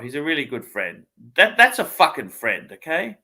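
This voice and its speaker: A man's voice: medium pitch, sing-song, moderate pace, bright, forceful tone. Blunt, cursing man. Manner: blunt, swears a lot. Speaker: livestream host. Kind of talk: casual chat.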